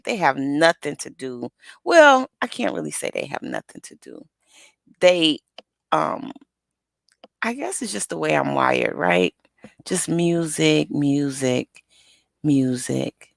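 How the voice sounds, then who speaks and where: A woman's voice: on the low side, vocal fry, a bit bright, no room sound. A woman hosting a live motivational stream as an accountability coach, chatty and upbeat, greeting viewers by name and calling out to her audience in casual slang.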